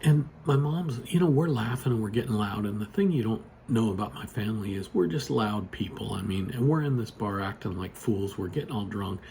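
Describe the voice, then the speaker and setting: Guy rambling a story into his phone, gravelly voice, faint hum behind. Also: on the low side, lively intonation, fairly quick, few pauses, warm tone. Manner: rambling, lots of "you know" and restarts. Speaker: storyteller vlogger. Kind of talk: casual spoken storytelling. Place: home desk with computer monitors.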